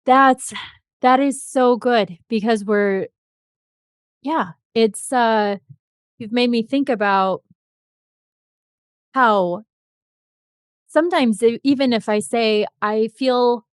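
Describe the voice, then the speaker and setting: A woman's voice: on the high side, takes it slowly, long pauses, dry recording, studio quality. A woman hosting an interview, responsive and encouraging, with frequent short affirmations. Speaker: interview host. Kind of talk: interview conversation.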